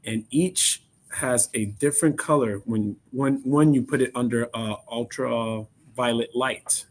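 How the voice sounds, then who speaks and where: Male co-host, mid-pitched, animated and halting, lots of "uh" and laughter. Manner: animated storyteller, halting with fillers, laughs often. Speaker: co-host of company live stream. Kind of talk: casual chat.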